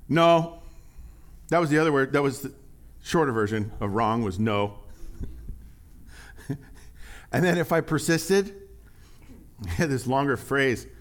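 A man preaching a sermon in a conversational, animated way, acting out little quotes as he goes. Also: mid-range voice, measured pace, pauses often. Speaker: pastor.

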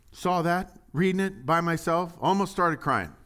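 A man's voice: a little high, unhurried, hardly any pauses, fairly bright tone, smooth. A male pastor giving a casual, conversational Bible teaching who jokes and asks the room questions. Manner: chatty and jokey, asks the audience questions. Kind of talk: casual sermon and Bible study.

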